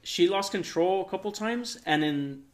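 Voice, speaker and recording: A young man, a podcast co-host, telling a long story in a relaxed, rambling way, full of fillers. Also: high voice, moderate pace. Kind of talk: casual storytelling.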